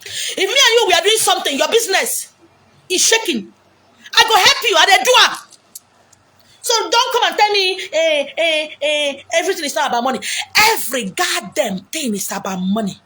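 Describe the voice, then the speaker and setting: A woman with a Nigerian Igbo accent giving blunt, forceful relationship advice outdoors, mixing English, Pidgin and Igbo. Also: very high-pitched, sing-song, moderate pace. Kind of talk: outdoor monologue. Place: beach outdoors.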